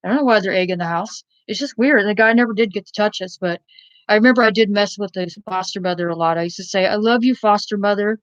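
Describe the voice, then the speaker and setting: A woman's voice: medium pitch, fast talker, dry recording. Woman telling a story, blunt and rambly, swears a bit, dead dry, kinda muffled. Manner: rambling, blunt, with frequent fillers and profanity. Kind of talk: casual personal storytelling.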